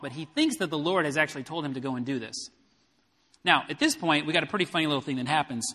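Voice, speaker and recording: A man's voice: a little high, pushed and bright. A man preaching a sermon, explaining a Bible passage verse by verse and retelling it in everyday words. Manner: expository Bible preaching with paraphrase. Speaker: pastor. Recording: long hall reverb.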